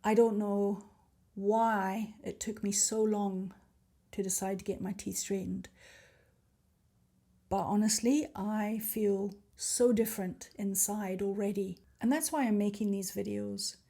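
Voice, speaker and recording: A woman's voice: medium pitch, vocal fry, warm tone. A woman in her fifties speaking candidly and from the heart in a personal video diary. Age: 50s. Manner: candid and heartfelt, openly emotional. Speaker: vlogger.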